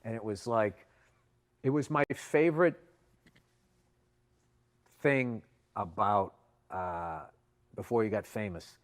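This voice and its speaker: A man's voice: lowish voice, slow pace, long pauses. A middle-aged man co-hosting a podcast, telling long, rambling stories in casual chat and swearing freely. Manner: rambling, profane storytelling. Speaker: podcast co-host.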